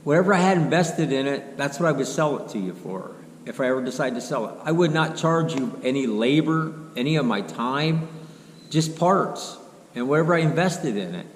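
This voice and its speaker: A man's voice: a little high, animated, normal speed. Middle-aged man, folksy rambling storyteller, echoey garage sound with faint hum. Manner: rambling, folksy, quotes others in dialogue. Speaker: car restoration vlogger. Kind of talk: casual storytelling to camera. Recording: roomy echo, faint background hum.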